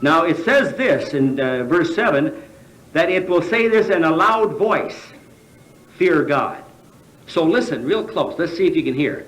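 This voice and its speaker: A man's voice: a little high, animated, unhurried, a bit bright. An American man gives a sermon at a convention, asking his listeners rhetorical questions and stumbling over fillers as he goes. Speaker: convention speaker. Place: large convention hall. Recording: echoey convention hall.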